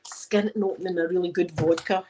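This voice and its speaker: A woman's voice: fairly low pitch, steady tone, a little fast, heavy background noise. A middle-aged woman with a Glaswegian Scottish accent, chatting playfully to her viewers in a casual vlog and laughing at her own jokes. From Scotland. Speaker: vlogger.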